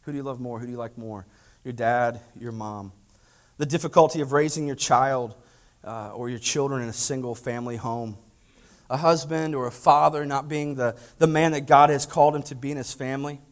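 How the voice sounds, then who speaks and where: A man preaching a sermon, telling a lively story and acting out family dialogue, then asking the congregation direct questions. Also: mid-range voice, brisk. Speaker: pastor.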